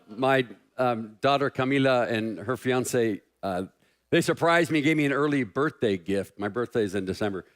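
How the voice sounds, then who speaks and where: A middle-aged man preaching a sermon as pastor, joking and self-deprecating with an animated delivery. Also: mid-range voice.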